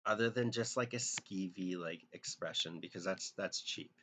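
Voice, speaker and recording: A man's voice: low voice, normal speed, sharp tone, slight background noise. A man casually chatting with viewers while drawing on a live stream, joking and thinking aloud in a self-deprecating way.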